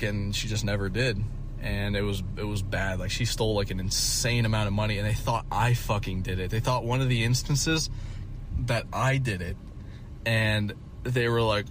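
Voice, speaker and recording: Low-voiced man telling a rambling story. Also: moderate pace, slight background noise. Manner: rambling and profane, many fillers. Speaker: vlogger. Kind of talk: casual storytime vlog.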